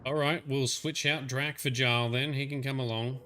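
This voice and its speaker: Chatty male game streamer, bright voice. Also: mid-range voice, steady tone, moderate pace, a little hiss or hum. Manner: chatty, rambling, hesitant. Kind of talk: casual let's-play commentary.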